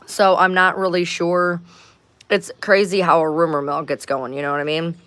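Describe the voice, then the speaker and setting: A woman's voice: fairly low pitch, flat delivery, normal speed, fairly bright tone, dry recording. A woman hosting a casual livestream from home, rambling, swearing freely and sounding exasperated. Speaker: livestream host.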